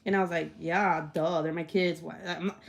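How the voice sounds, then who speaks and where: A woman's voice: normal speed, vocal fry, dull audio. Woman hosting her stream, telling a story all over the place, swears, does everyone's voices, laughs a lot. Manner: animated, swears freely, acts out quotes with big pitch jumps. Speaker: channel host. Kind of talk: casual storytelling on a livestream.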